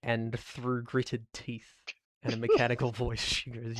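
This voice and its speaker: A man narrating as game master for a tabletop game, with an easygoing, descriptive manner and quick asides. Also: mid-range voice, monotone, no room sound.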